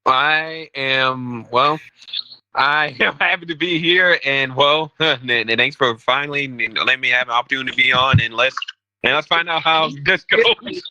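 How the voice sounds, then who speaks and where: A man's voice: medium pitch, a little slow, sharp tone, no room sound, poor audio. Nervous, hesitant young man contestant. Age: 20s. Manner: nervous, hesitant, many restarts.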